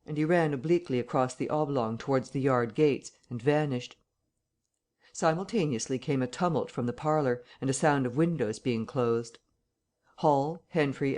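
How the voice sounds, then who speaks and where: Measured male audiobook narrator. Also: medium pitch, darkish tone.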